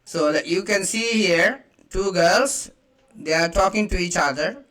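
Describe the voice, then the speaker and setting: A man teaching a beginner lesson, slowly saying each phrase twice and explaining it in English. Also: sits high, expressive, a bit bright. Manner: slow, repeats each phrase, spells out examples. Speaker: French teacher. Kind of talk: slow beginner language lesson.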